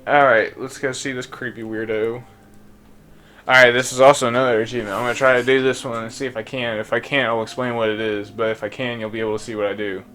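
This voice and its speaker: Young man, gameplay commentary, rambling, casual, mid-pitched. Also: level tone, fast, pushed and bright. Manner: rambling, casual, thinking aloud. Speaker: gaming YouTuber. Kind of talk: let's play commentary.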